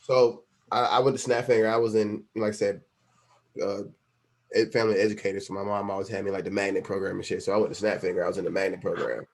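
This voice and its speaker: A man's voice: on the low side, steady tone, fast. A young man co-hosting a podcast, telling stories in a laid-back, casual way. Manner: laid-back storytelling with lots of "like" and "you know". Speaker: podcast co-host. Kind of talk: casual chat.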